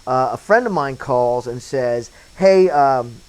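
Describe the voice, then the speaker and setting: A man recalling a story in a casual documentary interview, telling it with lively anecdotes and acting out the voices he quotes. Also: medium pitch, slow pace, clear, resonant tone, rough recording. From Wilmington, North Carolina area. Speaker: interviewee, former set painter turned bit actor.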